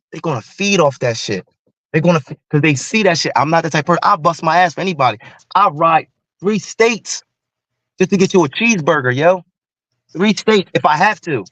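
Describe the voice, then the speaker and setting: A man's voice: fairly high pitch, no room sound. A man speaking bluntly and heatedly in casual chat, repeating himself for emphasis. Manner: blunt, repetitive, animated street talk.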